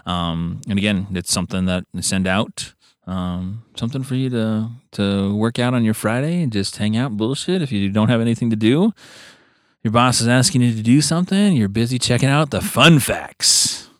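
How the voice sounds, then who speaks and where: A man's voice: on the low side, normal speed, no echo, clean studio sound. A man co-hosting a podcast in casual chat, laid-back and laughing often, sometimes slipping into joking announcer voices. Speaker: podcast co-host. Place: podcast studio.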